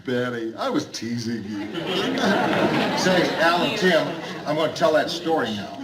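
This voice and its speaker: An actor playing a gruff middle-aged bar owner who forces himself to be hearty and jovial, repeating his greetings in a 1970s studio sitcom. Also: mid-range voice, expressive, a little slow, a loud crowd, natural voice. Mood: forced cheer. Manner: overly hearty, repetitive greetings. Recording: hissy old TV soundtrack.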